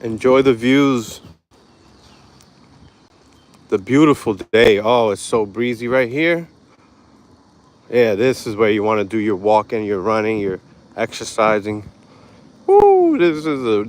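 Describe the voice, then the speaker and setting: A man's voice: lowish voice, measured pace, pauses often. A man hosting a casual walk-and-talk live stream on an outdoor park path, chatting laid-back with viewers through a handheld phone.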